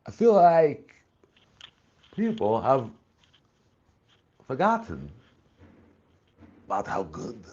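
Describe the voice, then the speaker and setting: A man's voice: mid-range voice, wildly swooping pitch, drawn-out words, pauses often, a little mellow, breathy edge, lo-fi sound. A man chatting casually on a live stream, laid-back and profane, reading chat messages aloud.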